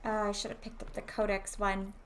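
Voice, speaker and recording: A woman's voice: medium pitch, level tone, fairly quick, a little hiss or hum. A woman casually commentating on her video game playthrough. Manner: chatty, enthusiastic. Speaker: gaming streamer. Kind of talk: casual let's-play commentary.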